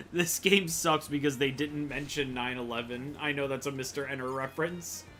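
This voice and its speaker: A man streams a video game with casual commentary, chatting with viewers, greeting chat and joking about what he sees. His medium-pitched voice is fairly bright and a little slow, with faint music behind.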